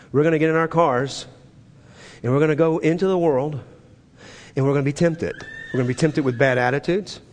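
A man preaching a sermon with a slightly high voice. He is emphatic, pushing up to urgent peaks and falling to low, quiet asides. His voice rings with the long reverb of a large church hall. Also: husky. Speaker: pastor.

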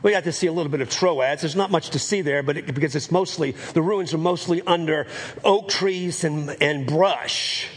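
A man's voice: on the high side, normal speed, slightly rough. A man preaching a sermon as pastor, earnest and repeating phrases for emphasis.

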